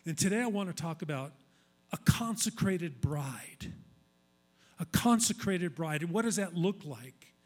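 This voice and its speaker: A man's voice: on the high side, lively intonation, unhurried. A male pastor giving a sermon in a conversational, emphatic style, repeating key phrases for weight.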